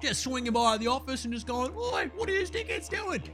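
A man voicing a brash, crude young Australian bloke with a broad Australian accent, who rambles loudly in slang and swears a lot. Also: very high voice, sing-song, brisk, pitched above the performer's own voice, exaggerated voice. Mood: cocky. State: sore throat.

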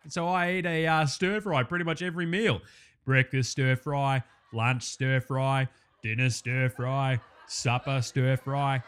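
A man putting on a loud, boorish Australian bloke who hosts a cooking show, talking with brash, crude swagger and an Australian accent. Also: a little high, slight background noise. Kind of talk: comedy sketch.

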